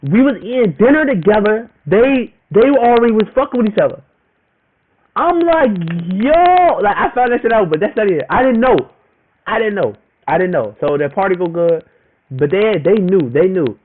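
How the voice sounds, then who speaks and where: A man's voice: high-pitched, normal speed. A young man telling a personal story in a casual, rambling monologue, full of slang and repeated phrases, shifting his voice up and down as he quotes other people. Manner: rambling and repetitive, slangy, animated when quoting others. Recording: tinny phone-like audio with faint noise.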